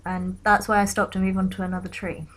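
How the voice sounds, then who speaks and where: Young woman softly telling a personal story. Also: mid-range voice, little pitch movement, quick pace, low-quality recording. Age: young adult. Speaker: vlogger.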